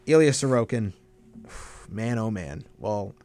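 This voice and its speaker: A man's voice: fairly low pitch, animated, measured pace, darkish tone. A young man hosting a college sports radio show in a studio, confident and teasing his co-host. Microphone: studio microphone with headphones.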